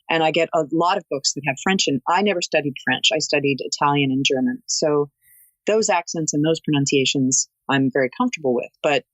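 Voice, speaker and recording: A woman audiobook narrator talking as a guest in an interview, articulate and expressive like a storyteller. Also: low voice, no echo, low-quality recording. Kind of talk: interview conversation.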